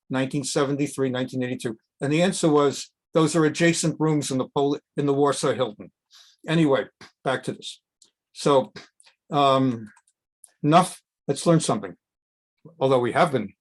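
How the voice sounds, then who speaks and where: A middle-aged man teaching a casual Bible class as a rabbi, wandering into jokes and reading Hebrew phrases before translating them. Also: fairly high pitch. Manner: chatty, digressive, tells jokes, reads Hebrew then translates. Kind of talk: informal scripture lesson.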